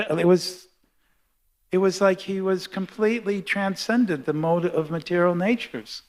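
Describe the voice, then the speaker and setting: An older man giving a sermon built around a personal memory, speaking in a halting, heartfelt way with frequent restarts. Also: a little high, a little mellow. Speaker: guest speaker at a temple class.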